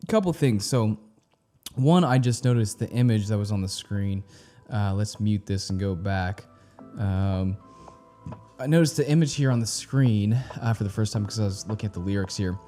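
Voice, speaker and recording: Hosting a music reaction video, a man speaks in a fairly low, dark, mellow voice. His talk is casual and hesitant, as if thinking aloud, full of pauses and restarts. He frequently asks his viewers questions directly.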